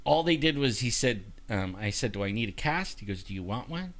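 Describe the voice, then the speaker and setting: A man's voice: mid-range voice, brisk. A man telling a personal story in casual chat, acting out the lines of the people in it and filling with "you know". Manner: animated, acts out dialogue with many "you know" fillers. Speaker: guest.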